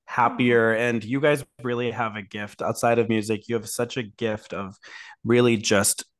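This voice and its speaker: A man's voice: mid-range voice, fairly even intonation, moderate pace. Upbeat male host telling a road-trip story. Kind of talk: casual interview chat.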